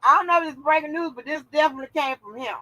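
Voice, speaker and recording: A woman's voice: sits high, very fast, sharp tone, low-quality recording. A woman hosting a live stream, giving blunt, profane commentary and reacting as she reads posts aloud.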